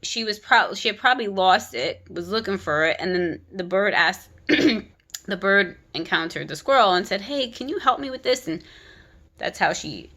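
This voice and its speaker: Woman ranting casually about a kids book, animated, restarts a lot, bright voice. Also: lowish voice, moderate pace. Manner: animated, critical retelling with frequent restarts. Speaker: content creator.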